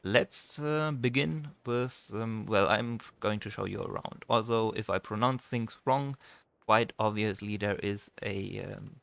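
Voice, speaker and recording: A young man with a German accent, a native German speaker hosting a farming game let's play in casual commentary, often pausing and searching for words. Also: on the low side, vocal fry, a bit bright, no room sound.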